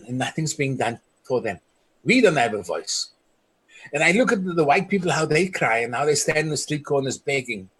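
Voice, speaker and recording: A man's voice: on the high side, breathy edge. A middle-aged man from South Africa, a community leader giving an impassioned speech, telling stories earnestly and quoting the people he met. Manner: earnest storytelling, quoting others.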